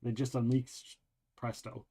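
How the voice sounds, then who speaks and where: A man's voice: mid-range voice, measured pace, slightly rough. Guy hosting a stream, chatting loose about his game team, lots of ums, mid voice. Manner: rambling, relaxed, lots of ums and restarts. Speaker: show host. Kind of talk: casual game walkthrough chat.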